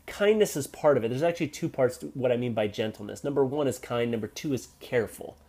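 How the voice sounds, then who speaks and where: Emphatic and checking in with "right?" again and again, this podcast host delivers a motivational solo show in a medium-pitched voice with a breathy edge. He speeds up and slows down, alternating between loud and soft.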